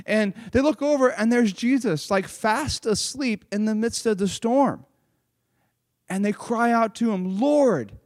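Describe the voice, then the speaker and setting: A man giving a lively children's sermon, reading a Bible passage and retelling it in casual, animated storytelling with lots of "like". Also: high-pitched, measured pace, no room sound, studio quality. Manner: casual, uses "like" often. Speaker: children's pastor.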